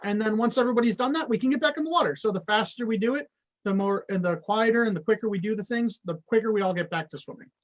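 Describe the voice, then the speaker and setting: A man's voice: high-pitched, quick pace. A man on a guest spot, explaining water safety to kids in a friendly, plain way.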